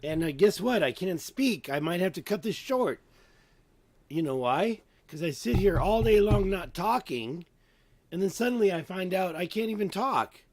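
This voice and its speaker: A hoarse man who has nearly lost his voice, hosting a casual video, rambling and exclaiming with rhetorical questions as he looks at maps. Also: sits high, expressive, normal speed, dry recording. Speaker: video host. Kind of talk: casual commentary over maps.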